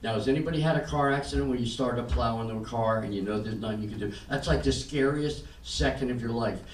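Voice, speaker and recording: An older man performing a stand-up set, telling stories in a deadpan way and acting out the other people in them. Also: mid-range voice, fast talker. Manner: deadpan storytelling with acted-out quotes. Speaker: stand-up comedian. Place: comedy club stage. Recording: roomy club sound from a distance. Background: audience laughter and room noise.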